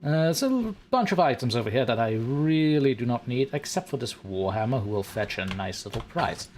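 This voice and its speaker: A man's voice: medium pitch, expressive, brisk, darkish tone, slight background noise. A man streaming a game live, chatting playfully and theatrically with his viewers and the characters on screen. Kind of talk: live let's-play commentary.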